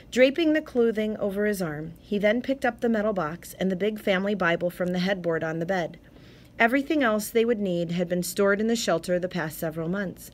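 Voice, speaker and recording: A woman reading a short story aloud as an audiobook narrator, measured and steady. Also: mid-range voice. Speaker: audiobook reader. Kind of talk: scripted narration.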